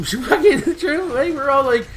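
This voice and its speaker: A man's voice: fairly high pitch, vocal fry, a bit bright, a little hiss or hum. A man in his late twenties, a gaming channel host, telling a long story in a rambling, heavily profane street-slang way. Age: late 20s. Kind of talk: storytelling over gameplay.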